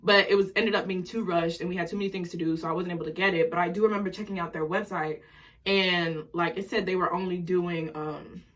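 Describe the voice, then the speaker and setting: A nineteen-year-old woman vlogging casually at home, excited and jittery from coffee, rambling and tripping over her words. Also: lowish voice. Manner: excited, rambling, fast-talking. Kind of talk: casual vlog chat. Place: home while getting ready.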